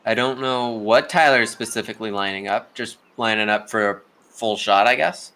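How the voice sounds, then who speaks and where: A man's voice: fairly low pitch, fairly even intonation, normal speed, bright, forceful tone. A young man giving casual live play-by-play commentary on a video game golf tournament, chatty and talking straight to the players.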